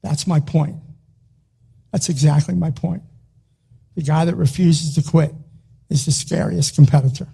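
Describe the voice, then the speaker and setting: A man delivers a rousing motivational talk, his voice pitched high for a man. He hammers short phrases again and again like a wrestling coach pushing his team. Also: fairly even intonation, unhurried, vocal fry, pauses often, mellow, husky. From Philadelphia, US. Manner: emphatic, punchy, repeats short phrases. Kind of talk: motivational speech.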